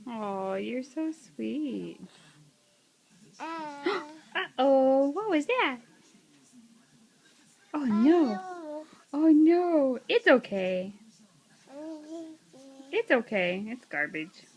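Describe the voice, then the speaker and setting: A woman's voice: high-pitched, big pitch swings, very slow, pauses often, darkish tone. A mother chatting with her toddler in coaxing, sing-song baby talk, asking playful questions. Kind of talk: home video baby talk.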